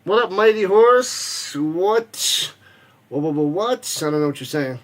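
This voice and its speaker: A man's voice: high voice, lively intonation, measured pace. A man hosting a football watch party stream, chatting casually, joking, reading viewer messages and calling the plays. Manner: rambling, joking, reads chat messages aloud. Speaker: watch party host and play-by-play caller. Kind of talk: casual live-stream chat with play-by-play.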